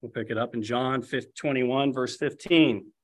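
Male preacher, mid-pitched, lively storytelling sermon, acts out the quotes. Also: normal speed. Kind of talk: expository sermon.

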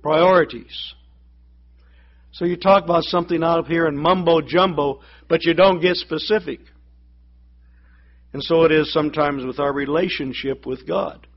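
Guy preaching, tells a joke and does the voices, kinda high voice, muffled old recording. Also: moderate pace, long pauses. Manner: storytelling, acts out voices in the joke. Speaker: pastor. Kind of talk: sermon with a joke.

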